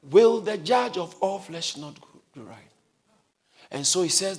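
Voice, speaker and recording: Male preacher, very high and lively voice, shouting sermon, congregation faint behind. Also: measured pace. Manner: often shouting, calls for congregation responses. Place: church before a congregation.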